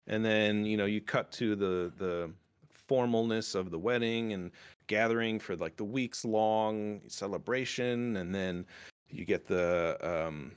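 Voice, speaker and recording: A man hosting a casual podcast, recapping a TV episode in a rambling, excitable way and swearing freely. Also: lowish voice, measured pace, smooth. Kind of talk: casual chat.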